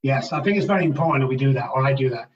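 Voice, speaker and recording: A man's voice: medium pitch, rapid-fire. A man with an English accent, a guest in an interview, telling stories and stressing key words. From England. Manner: animated storyteller who stresses key words. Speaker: guest, addiction recovery specialist. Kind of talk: storytelling interview answers. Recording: distant, muffled, roomy remote audio.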